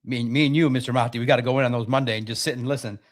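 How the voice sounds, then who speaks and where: A young adult man hosting a live sports podcast, talking in an animated, rapid-fire way and restarting his sentences often. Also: mid-range voice. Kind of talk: live-stream sports commentary.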